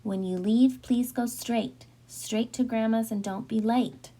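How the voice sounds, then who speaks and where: A woman voicing a caring mother who gives slow, gentle, rhyming warnings in a storybook reading. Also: on the high side, fairly even intonation, poor audio. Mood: cautioning. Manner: slow, gentle, singsong rhymes.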